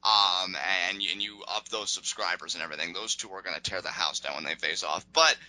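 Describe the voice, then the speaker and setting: A man co-hosting a wrestling podcast, chatting through a recap in a casual, animated way. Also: deep voice, a little fast, no room sound, rough recording. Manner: animated, acts out wrestlers' lines.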